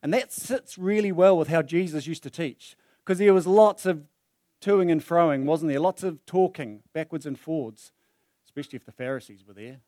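At normal speed, a man with a slightly high voice preaches a sermon in a church hall, animatedly acting out the story with voices. He speaks into a handheld or stand mic, and the audio sounds clean and studio-like.

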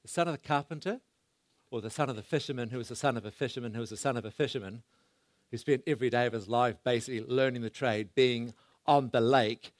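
A man preaching a sermon, swinging between loud bursts and hushed asides as he asks the congregation questions. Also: mid-range voice, fast, dry recording, studio quality.

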